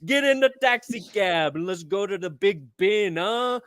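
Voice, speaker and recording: A man's voice: high-pitched, expressive, measured pace, a bit bright, no echo. A man putting on a blustery, botched London accent as a joke. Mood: mock bluster. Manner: over-the-top, mocking. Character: blustery fake London guy, mangled accent.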